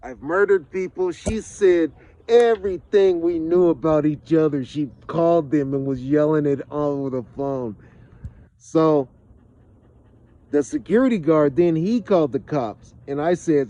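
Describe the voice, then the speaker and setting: A man from Los Angeles telling a profane personal story with animated delivery, acting out what people said. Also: on the high side, measured pace, muffled recording. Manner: lively, profane, acts out quotes.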